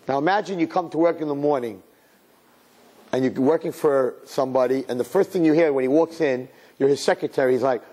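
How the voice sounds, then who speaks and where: A middle-aged man teaching a sermon-style class to a room of girls, telling a story with sudden jumps in pitch for emphasis and mixing in Hebrew and Yiddish words. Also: expressive, a little fast, dark tone, slightly rough. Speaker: Torah teacher.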